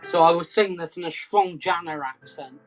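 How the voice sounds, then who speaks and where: A man from southwest England doing rambling comic patter between songs, hesitant and deadpan, full of ums and restarts. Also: fairly high pitch, normal speed, over music. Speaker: comedy musician hosting a live stream.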